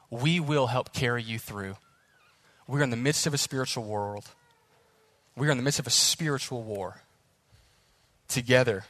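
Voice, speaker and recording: A young man preaching a sermon as pastor, earnest and animated, speeding up as the story builds. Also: mid-range voice, no room sound, studio quality.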